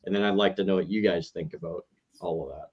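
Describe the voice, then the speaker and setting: A man asking a panel question with a halting, searching delivery. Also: deep voice, fairly even intonation, slightly rough. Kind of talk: casual panel talk. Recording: dull lo-fi audio.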